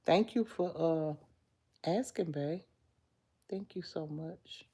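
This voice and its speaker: A woman's voice: deep voice, takes it slowly, mellow, slightly rough. A woman hosting a casual livestream, chatting with viewers, reading their comments aloud and calling them girl and baby. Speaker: livestream host.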